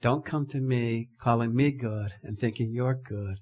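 A man's voice: medium pitch, measured pace, narrow, tinny audio. A man preaching a sermon as pastor, telling a story with emphatic, dramatic delivery.

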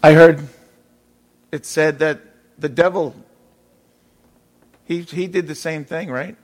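A man's voice: fairly high pitch, steady tone, slow pace. A man preaching a sermon in an emphatic way, repeating his key phrases.

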